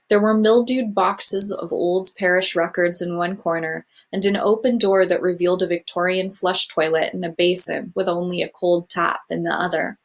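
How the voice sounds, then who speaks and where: Woman teacher reading a novel aloud, expressive storytelling, lowish voice.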